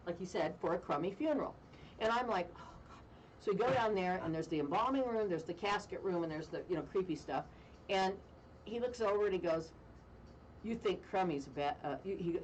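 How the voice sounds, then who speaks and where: Animated woman telling a funny story. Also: lowish voice, far from the mic, a little hiss or hum, poor audio. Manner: animated, self-mocking storyteller with deadpan jokes. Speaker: radio talk show host. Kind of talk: casual chat, storytelling.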